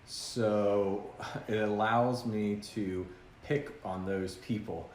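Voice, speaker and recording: A man's voice: lowish voice, steady tone, extremely slow, a little mellow. A man hosting a podcast in casual chat, earnest and reflective, with frequent ums and uhs. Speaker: podcast host. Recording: roomy sound with faint noise.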